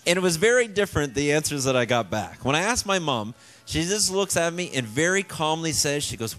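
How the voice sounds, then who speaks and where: A man with a slightly high voice emceeing a talent show on a cruise ship stage. He keeps up a joking, teasing showman patter, ribbing the contestants and setting up punchlines. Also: big pitch swings, brisk, a bit bright.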